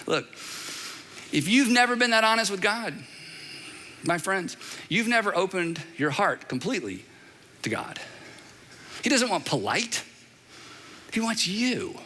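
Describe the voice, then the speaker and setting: A middle-aged man preaching a sermon from a church stage, emphatic and animated, with dramatic repetition. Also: sits high, measured pace, long pauses, a little hiss or hum. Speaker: pastor. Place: large church auditorium. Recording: long reverb of a large hall.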